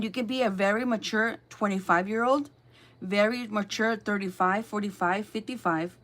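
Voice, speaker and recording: A woman giving a casual tarot reading, excitable and emphatic, repeating her phrases and swearing freely. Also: medium pitch. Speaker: tarot reader.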